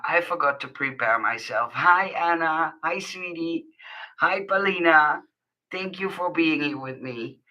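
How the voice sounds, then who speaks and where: A woman hosting a casual crafting live stream, her voice hoarse, squeaky and rough because she has nearly lost it. She talks at an unhurried, slow pace, greets viewers by name and apologizes for her voice. The tone is very bright and tense. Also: poor audio. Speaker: crafting channel host.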